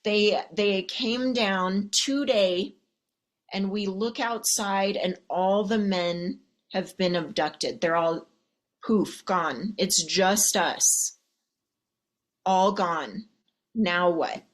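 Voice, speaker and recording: Woman life coach, unhurried delivery, sassy and teasing, live-stream pep talk. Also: mid-range voice. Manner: sassy, teasing, profane, keeps asking "okay?".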